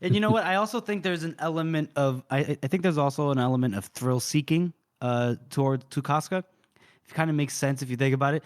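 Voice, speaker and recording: Man, podcast co-host, casual book chat, animated retelling, fairly high pitch. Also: quick pace. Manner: animated retelling, frequent laughs.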